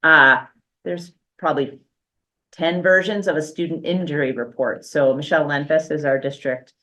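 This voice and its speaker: A school superintendent gives an unscripted update to a board meeting, speaking at an ordinary, middling pitch. The delivery is loose and conversational, full of restarts and filler, with a dry, self-aware humor now and then. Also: fairly even intonation, moderate pace, bright, forceful tone.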